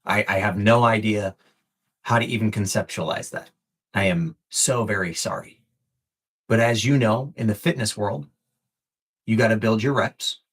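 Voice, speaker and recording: A man's voice: lowish voice, normal speed, pauses often, a bit bright. A man coaching on a live stream, earnest and encouraging, repeating phrases for emphasis and swearing casually, emotional and close to tears. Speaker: fitness and life coach.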